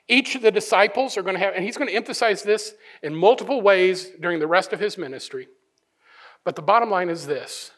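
A middle-aged male pastor preaching a sermon, acting out voices and swinging from hushed asides to loud emphatic points. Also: on the high side, breathy edge. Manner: animated, acts out voices, many restarts.

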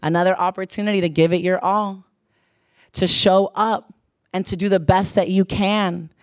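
A woman's voice: mid-range voice, fairly even intonation, normal speed, dry recording, studio quality. A young adult woman giving an earnest sermon, repeating phrases for emphasis. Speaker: church speaker.

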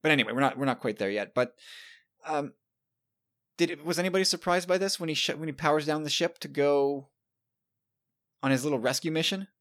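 A man's voice: on the high side, fairly quick, pauses often, fairly bright tone. A man in his thirties hosting a casual chat, talking loosely and often restarting his words.

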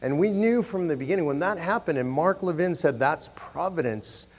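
A man telling a story to an audience in an animated, chatty way, often restarting his sentences. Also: a little high, brisk, big-room sound.

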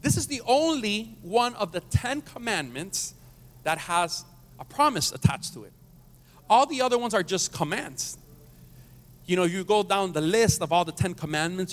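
A man's voice: high-pitched, lively intonation, moderate pace. A man preaching as a pastor, mixing jokes with scripture and calling on the congregation to answer back. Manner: joking, asks the congregation to respond. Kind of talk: sermon. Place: church sanctuary. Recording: long reverb of a church hall.

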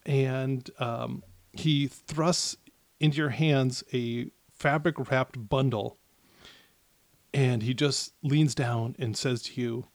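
A man narrating as game master of a tabletop game, with many pauses and restarts. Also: mid-range voice, steady tone, no echo. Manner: hesitant, many fillers and restarts.

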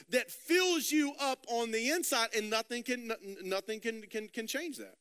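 A male pastor gives a sermon in a high, bright, forward voice. He tells casual stories and acts out the people in them, repeating words along the way. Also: normal speed, few pauses, clear, resonant tone. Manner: storytelling with quoted dialogue, repeats words.

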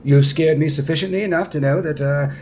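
A man's voice: on the high side, a little fast, darkish tone, slight background noise, pitched above the performer's own voice, close to an everyday voice. A man voicing a fussy, haughty young prince who whines and sighs in a pompous way. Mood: pompous, whiny. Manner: whiny, pompous, sighing.

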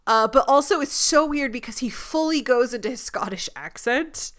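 A woman's voice: high-pitched, lively intonation, normal speed, a bit bright. A woman co-hosting a casual podcast who recaps the episode in an upbeat, playful way. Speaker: podcast co-host.

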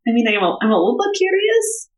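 A woman's voice: a little high, very animated, fast, reverberant, rough recording. A woman playing a tabletop role-playing game in character, talking hesitantly with many fillers and restarts. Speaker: player.

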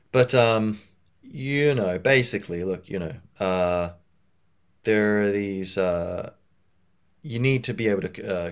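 A man hosting a podcast, talking casually on his own in a rambling way with many fillers and restarts. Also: low voice. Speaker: podcast host. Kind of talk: casual solo monologue.

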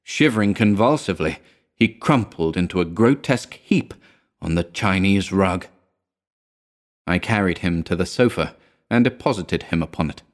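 A man narrates a story in a measured, grave way, with a somewhat low voice. He keeps a slow, deliberate storytelling tone. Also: animated. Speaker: reader.

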